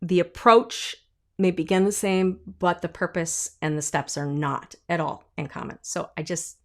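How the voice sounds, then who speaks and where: A woman vocal coach teaching an online singing lesson, demonstrating sounds and acting out little voices. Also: measured pace. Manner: animated, demonstrates sounds and sung notes; acts out imagined voices with leaps in pitch.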